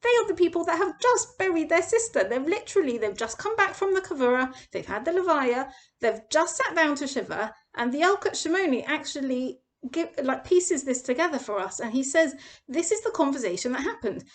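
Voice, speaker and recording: A young woman gives a Torah lesson in an animated storytelling manner. Her voice sits high and swings widely. She acts out the people she quotes. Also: fairly quick. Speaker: Torah teacher. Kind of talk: expressive parsha lesson.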